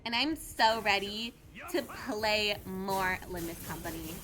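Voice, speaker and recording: A woman's voice: medium pitch, animated, slow pace, poor audio. A woman putting on a bubbly young valley girl voice, drawling and gushing with "like" fillers. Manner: gushing, over-eager.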